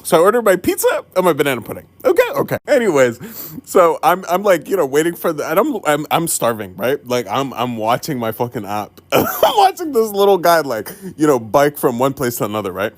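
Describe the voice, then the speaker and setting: A young man telling a funny story-time tale, animated, laughing often and swearing casually. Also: medium pitch, a little fast, dry recording. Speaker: TikTok storyteller.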